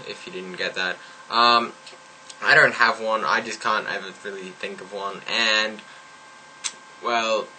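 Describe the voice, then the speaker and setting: A young man in a casual vlog, talking in a low-key, mumbling way with deadpan asides. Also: a little hiss or hum, low-quality recording. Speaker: vlogger, regular of a group channel.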